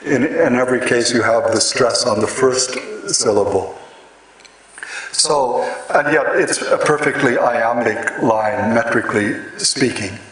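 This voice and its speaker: A man giving a lecture on poetic meter, speaking slowly and haltingly with many fillers and restarts. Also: medium pitch, a bit bright. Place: large hall with an audience. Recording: echoey hall, mic at a distance, audience noise.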